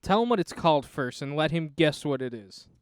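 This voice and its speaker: A man's voice: a little high, lively intonation, fairly quick, clean tone, no echo, studio quality. A young man co-hosting a podcast in casual chat, playful and teasing as he jumps in with bits. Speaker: podcast co-host.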